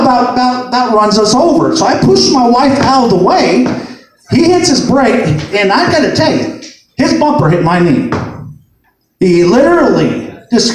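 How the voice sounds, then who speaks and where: High, animated man telling stage stories. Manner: animated, profane, building to shouted punchlines. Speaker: stand-up comedian. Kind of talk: stand-up storytelling. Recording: echoey room, mic from far off.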